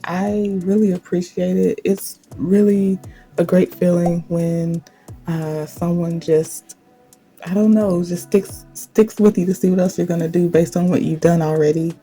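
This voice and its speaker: A woman hosting an art channel, chatting in a laid-back way while she sketches, her voice still deep from the morning. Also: unhurried. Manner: relaxed and chatty. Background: faint background music.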